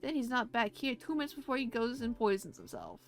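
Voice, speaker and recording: Sarcastic nurse, dry and blunt, fairly high , as a woman reads her. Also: sing-song, a little fast, creaky, faint music behind.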